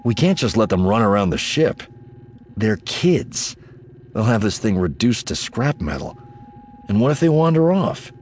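An easygoing, cheeky young rogue with a genial, bouncy delivery, as a man reads him. His deep voice moves a lot in pitch and stays unhurried. It is an audiobook character. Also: big pitch swings. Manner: genial, cheeky, a bit louder.

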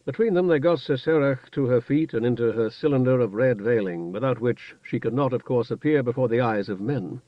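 A man narrating a fantasy novel in a measured, even storytelling manner. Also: medium pitch, no room sound. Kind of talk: audiobook narration. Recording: dull, dry studio recording.

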